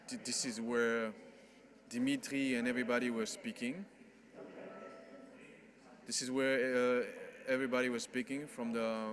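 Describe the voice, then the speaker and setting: Man doing a halting sound check. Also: medium pitch, a bit bright, a little hiss or hum. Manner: halting, with many restarts and fillers. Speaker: event organizer testing microphones. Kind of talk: casual sound-check talk. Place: conference hall at the lectern. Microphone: lectern microphone at a distance.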